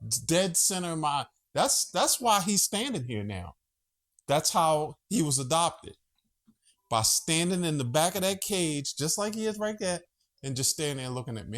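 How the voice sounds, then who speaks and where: A man's voice: on the high side, very animated, normal speed, a bit bright. A man hosting a casual monologue vlog from home, chatty, profane and easily sidetracked. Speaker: vlogger host.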